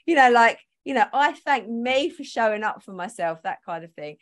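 A woman's voice: a little high, expressive, moderate pace. A woman hosting a podcast, chatting casually, laughing often and trailing off mid-sentence. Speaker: podcast host.

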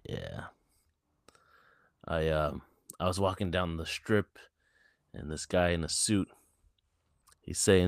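Low-voiced man telling a story. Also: takes it slowly, vocal fry, pauses often, no room sound, clean studio sound. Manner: profane storytelling, baffled and animated. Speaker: podcast co-host. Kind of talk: casual chat.

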